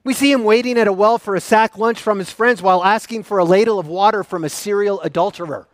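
A man preaching a sermon as a pastor, swinging between loud, raised questions and soft, low passages. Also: fast talker, dry recording, clean studio sound.

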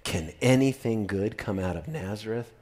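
A man from Minnesota preaching a sermon, animated and shifting between loud emphasis and quiet asides. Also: lowish voice, moderate pace, breathy edge. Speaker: pastor.

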